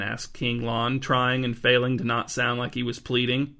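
A man reading a storybook aloud as narrator, in an even, dry storytelling manner. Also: medium pitch, normal speed, vocal fry.

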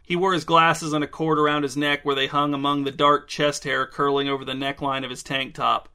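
A man narrating a story in a dry, deadpan way. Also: on the high side, fairly quick, smooth.

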